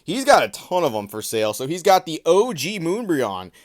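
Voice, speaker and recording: Male vlogger, slightly high voice, sarcastic and profane, casual commentary. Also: very animated, moderate pace. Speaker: trading card commentator.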